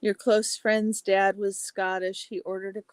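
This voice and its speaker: A woman hosting a casual livestream chat, reading viewer comments aloud and answering each by name, chatty and exclamatory with soft asides. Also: mid-range voice, little pitch movement, unhurried, dry recording. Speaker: livestream host.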